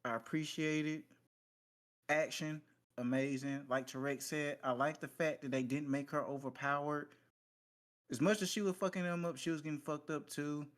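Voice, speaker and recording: A man reviewing a film in a casual podcast chat, laid-back and measured. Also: fairly high pitch, steady tone. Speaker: podcast co-host.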